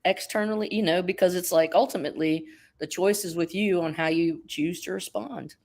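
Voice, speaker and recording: A man chatting on a livestream in a measured, thoughtful way with a wry edge. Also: sits high, vocal fry, a little mellow. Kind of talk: casual livestream chat.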